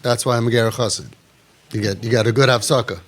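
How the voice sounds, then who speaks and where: A middle-aged man teaching a sermon, telling stories animatedly and acting out bits of dialogue before dropping to a quiet murmur. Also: fast talker. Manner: animated, acts out dialogue with sudden drops to a low murmur. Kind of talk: storytelling sermon.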